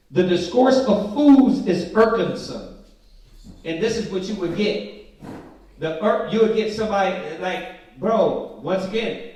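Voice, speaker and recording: A man teaching a Bible study, reading scripture slowly and with emphasis, then breaking into casual, slangy commentary. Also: a little high, a little mellow. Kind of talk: informal scripture study sermon. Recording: very echoey room from a distant mic.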